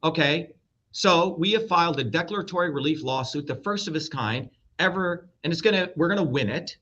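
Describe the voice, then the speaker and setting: Blunt, combative man, bright and lo-fi. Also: on the high side, animated, brisk. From India. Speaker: guest, presidential candidate. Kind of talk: heated interview talk. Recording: dull lo-fi audio.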